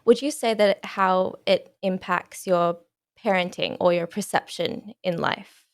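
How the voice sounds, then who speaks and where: A woman hosts a podcast interview with a gravelly edge to her voice. The sound is dry and close, and she puts her questions in a measured, careful way. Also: lowish voice, no room sound. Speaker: podcast host.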